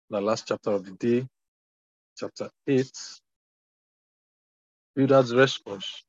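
An earnest man reads scripture aloud, pressing hard on the key phrases and tossing in brief asides between passages. His voice sits at a middling pitch. The recording is dull and lo-fi, close and dry with no room sound. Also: takes it slowly, pauses often, slightly rough, no room sound. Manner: earnest reading, growing emphatic, with small slips. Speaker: Bible reader.

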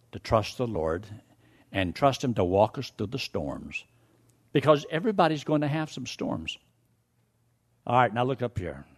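Male preacher, folksy storyteller, slightly high voice, very lively delivery. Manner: animated, folksy storyteller who acts out the scene.

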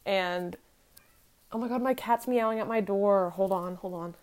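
Young adult woman, podcaster, mid-pitched, chatty confessional storyteller, profane and rambling. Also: moderate pace, a little mellow. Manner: candid, profane, rambling with many fillers. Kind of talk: casual storytelling.

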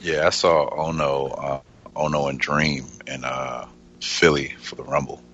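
A man's voice: a bass voice, steady tone, a little slow, a bit bright, muffled recording. A man co-hosting a podcast, chatting casually with easygoing, joking banter. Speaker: podcast co-host. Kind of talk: casual chat.

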